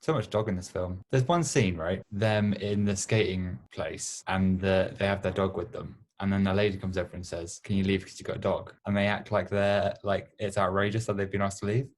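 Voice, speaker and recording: A man's voice: low voice, steady tone. A man talking over a video call in a casual film review, wry and full of gripes. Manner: wry, complaining, quick asides. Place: home during lockdown.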